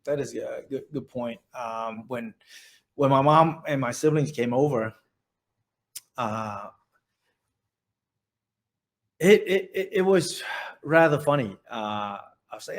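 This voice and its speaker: Halting, gravelly Vietnamese-accented man. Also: medium pitch. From central Vietnam. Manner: halting, many restarts and repeated words. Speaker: oral history interviewee. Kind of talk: recorded oral history interview.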